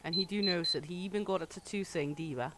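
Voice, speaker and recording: Heavy background noise surrounds a low-pitched, quick-paced woman, a young adult native Danish speaker streaming a game. Casual and playful with her viewers, she gets bawdy, swears freely and laughs often.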